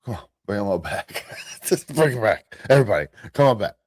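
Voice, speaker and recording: Deep-voiced American man rambling on a live show. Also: sing-song, brisk, a little mellow. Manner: rambling, restarts, chuckles at himself. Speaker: host of a live morning commentary stream. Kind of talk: casual rambling commentary.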